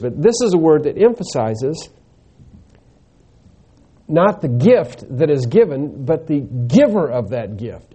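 A man preaching an expository sermon, teaching slowly and emphatically and answering his own rhetorical questions. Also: a little high, dark tone.

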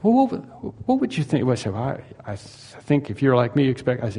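Pastor guy preaching, earnest and emphatic, mid pitch, long hall echo. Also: huge pitch swings, fairly quick, few pauses, mellow, breathy edge. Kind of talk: sermon.

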